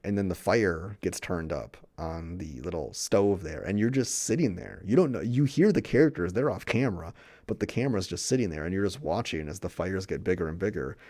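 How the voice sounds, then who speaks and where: Casual male movie reviewer, low and mellow, profane and rambling. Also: lively intonation, a little fast. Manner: rambling, profane, retells scenes with quoted dialogue.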